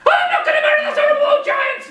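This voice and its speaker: Freya: male storyteller doing a furious goddess screaming in shrill falsetto, echoey far-off room. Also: steady tone, quick pace, bright, forceful tone. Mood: outraged. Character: outraged beautiful goddess, shrieking.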